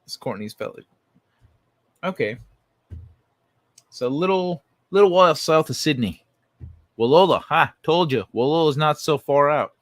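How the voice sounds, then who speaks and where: A man's voice: on the high side, lively intonation, measured pace, long pauses, no room sound. A man hosting a casual late-night livestream, talking loosely and with plenty of swearing while he reads viewers' chat messages aloud. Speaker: livestream host.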